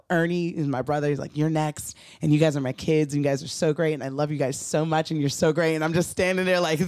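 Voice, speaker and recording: A middle-aged woman, a comedian guest, telling a personal story on a podcast in a lively way, often acting out the other people in her story and laughing. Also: sits low, no echo, clean studio sound. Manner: animated, acts out quoted voices, laughs often.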